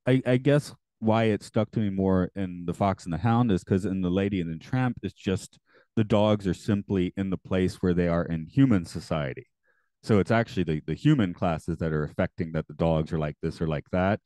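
Deep mellow-voiced podcast man. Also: moderate pace, no echo. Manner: relaxed, rambling, wry. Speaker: podcast co-host. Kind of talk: casual chat.

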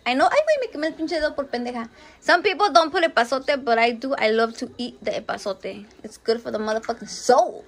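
In her home kitchen, a woman hosts a casual cooking video, speaking quickly in a voice on the high side. She swears freely and mixes Spanish with English in a jokey, candid manner.

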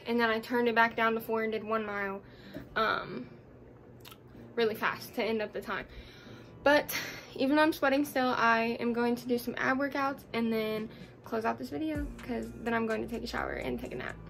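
A woman's voice: fairly high pitch, steady tone, moderate pace, creaky, a bit bright, a little hiss or hum. A young woman, out of breath after exercising, rambling chattily through a casual workout vlog with lots of fillers. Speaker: vlogger. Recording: background music under voice.

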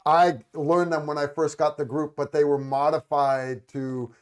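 American male host, slightly high voice, animated, casual. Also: a little slow. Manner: animated storytelling, frequent restarts. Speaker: podcast host. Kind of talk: casual chat.

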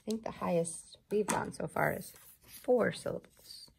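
Slow, gravelly-voiced woman teacher. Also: medium pitch. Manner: slow, gentle, encouraging teacher talk. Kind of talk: children's lesson, clapping syllables.

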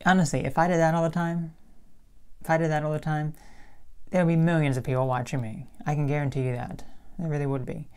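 Young woman YouTuber with a low, calm voice; thoughtful casual chat to camera. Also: quick pace, clear, resonant tone. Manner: calm, even-toned and reflective. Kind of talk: casual talking-to-camera vlog.

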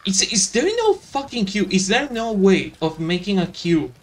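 Man doing sarcastic, profane let's-play commentary with a fairly high voice. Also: big pitch swings, moderate pace. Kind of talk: gameplay commentary.

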